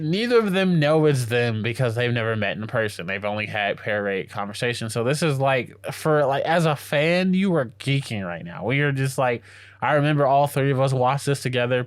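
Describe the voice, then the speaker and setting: Excitable man recapping a story, dry close sound. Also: medium pitch, dry recording. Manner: excited, slangy storytelling, acting out lines. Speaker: podcast co-host. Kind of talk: casual anime recap chat.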